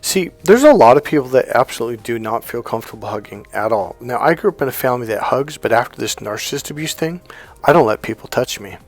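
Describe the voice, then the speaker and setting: A man, a life coach, teaching casually, often acting out what clients say. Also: mid-range voice. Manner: conversational, acts out quotes of clients.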